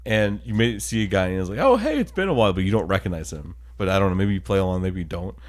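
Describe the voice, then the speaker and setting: A man's voice: sits low, steady tone. A man co-hosting a podcast, telling a rambling hypothetical with lots of fillers and laughter. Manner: rambling, halting, laughs often. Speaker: podcast co-host. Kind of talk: casual chat.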